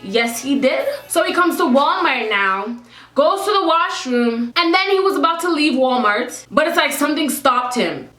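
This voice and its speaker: A young woman telling a vlog story in an animated, emphatic way, repeating lines for effect. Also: high-pitched, normal speed. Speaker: vlogger. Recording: echoey room with faint music.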